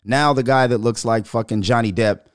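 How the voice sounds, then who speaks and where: A man hosting his own podcast, talking sports in a loose, profane style, often laughing and getting loud. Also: medium pitch, normal speed, clear, resonant tone, no echo, clean studio sound. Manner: loud, animated, laughing, swears a lot. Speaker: podcast host. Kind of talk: casual profane sports commentary.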